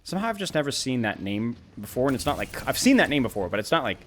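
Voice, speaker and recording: A man coaching a player live over a game replay, excitable and animated, talking in bursts with lots of repetition. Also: medium pitch, slight background noise. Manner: animated, excitable, talks fast in bursts with repeated phrases. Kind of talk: live-streamed gameplay coaching.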